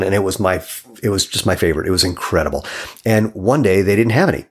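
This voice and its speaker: Fast-talking low-voiced male podcast host. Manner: chatty storyteller, laughs often, jokey. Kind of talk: casual interview conversation.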